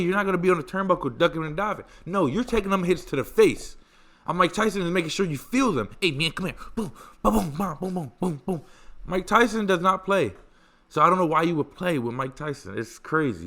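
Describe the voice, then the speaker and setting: Animated, fast-talking podcast host. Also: male voice, high-pitched. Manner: animated, profane, emphatic repetition. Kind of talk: casual storytelling chat.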